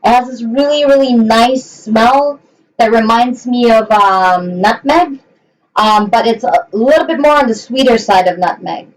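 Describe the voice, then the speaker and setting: Chatty woman hosting a home cooking stream. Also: a little high. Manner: chatty and hesitant, many ums, talks to viewers and her dogs. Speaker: cooking livestream host. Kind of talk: casual live cooking chat. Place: hot home kitchen. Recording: voice a bit far from the mic.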